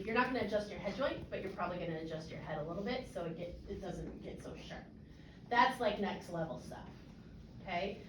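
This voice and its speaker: A woman's voice: mid-range voice, recorded from a distance, background noise. Woman band clinician, casual and encouraging; recorded from afar in a roomy rehearsal space. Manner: casual, encouraging, lots of fillers and checks for understanding. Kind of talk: coaching a student ensemble. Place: rehearsal room. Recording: echoey room, voice from afar.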